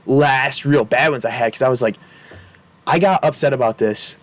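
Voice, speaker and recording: A man's voice: mid-range voice, moderate pace. A man in his twenties, a podcast guest telling a story casually, rambling and candid with lots of fillers. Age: 20s. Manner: rambling, candid, laughs often, many fillers.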